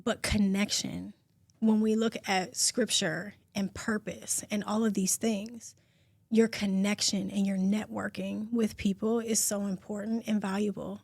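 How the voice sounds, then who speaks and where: A woman in her forties co-hosting a podcast, talking in a heartfelt, open, expressive way. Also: medium pitch, unhurried, gravelly, breathy edge, dry recording, clean studio sound. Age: 40s. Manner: heartfelt and expressive, talks openly and at length. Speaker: podcast co-host. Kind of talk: casual podcast chat.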